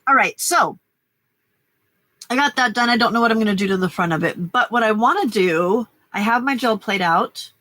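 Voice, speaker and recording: On a late-night craft livestream, an older woman with a stuffy nose chats casually as she works. Her slightly bright voice sits on the high side, animated and at a moderate pace, as she rambles and welcomes viewers by name.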